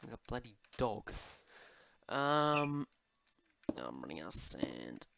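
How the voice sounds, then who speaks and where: A man's voice: medium pitch, wildly swooping pitch, takes it slowly, gravelly, background noise. A man giving casual gameplay commentary, answering viewer questions in a rambling, chatty way with lots of fillers and asides to his pet, at a desk microphone at home. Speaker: Minecraft YouTuber.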